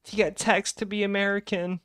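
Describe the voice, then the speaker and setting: Excitable young streamer man, bright voice. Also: high-pitched, smooth, no echo, clean studio sound. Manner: excitable, rambling, quick bursts of laughter. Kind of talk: casual live-stream chat about game lore.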